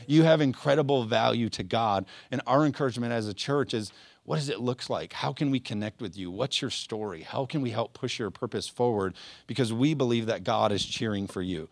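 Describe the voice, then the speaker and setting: A man's voice: mid-range voice, a little fast, gravelly, no echo. A man preaching a sermon as pastor in a church service, speaking earnestly and with passion, with many fillers and restarts. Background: soft guitar playing.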